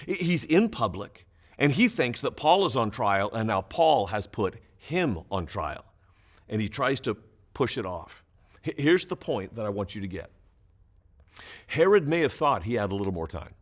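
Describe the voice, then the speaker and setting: A man's voice: fairly low pitch, sing-song, normal speed. A man pastor giving Bible teaching for small groups, explaining emphatically with occasional chuckles.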